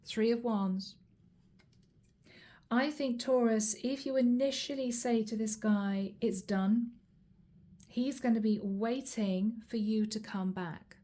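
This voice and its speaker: A woman's voice: a little high, fairly even intonation, slow pace, dark tone. A woman reading tarot cards to camera in a chatty way, calling her viewers guys. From Europe. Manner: chatty, addresses viewers as guys, acts out quoted lines. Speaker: tarot reader.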